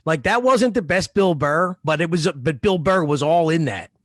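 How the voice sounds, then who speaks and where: Male podcast co-host, higher voice, dry sound, loose profane rambling. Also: lively intonation, moderate pace, dry recording. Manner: rambling, profane, laid-back. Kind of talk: casual chat.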